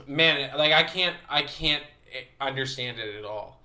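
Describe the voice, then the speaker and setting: A young man co-hosting a podcast, telling animated stories in casual chat, swearing often and acting out the voices of people he quotes. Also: medium pitch, a little slow. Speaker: podcast co-host.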